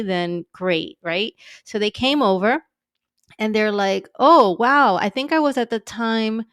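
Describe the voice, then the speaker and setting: A woman guest in her thirties telling a story in a casual, animated way, sarcastic and laughing often, with some swearing. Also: medium pitch, smooth, dry recording, clean studio sound. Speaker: podcast guest.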